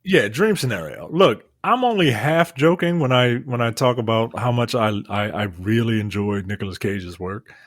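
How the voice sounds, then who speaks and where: A man's voice: medium pitch, expressive, moderate pace, hardly any pauses, no room sound, studio quality. A man co-hosting a podcast, chatting casually about movies, half joking, with many restarts. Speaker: podcast co-host.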